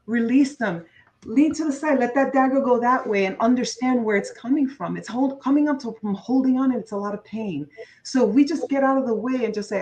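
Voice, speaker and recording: A woman's voice: on the high side, a little fast, darkish tone, rough recording. A woman guest coach speaking earnestly and from the heart in an interview, repeating key phrases for emphasis. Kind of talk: conversational interview.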